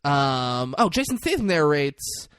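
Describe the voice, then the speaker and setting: Man, podcast co-host, casual film recap, animated storytelling, dry close sound. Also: on the high side, a little slow, clear, resonant tone, no echo. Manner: animated retelling with lively acted-out quotes. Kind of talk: casual chat.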